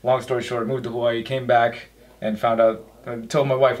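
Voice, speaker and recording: A mid-pitched man tells a rambling personal story as a panel guest, casual and anecdotal. He takes his time and drifts from point to point. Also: level tone, normal speed.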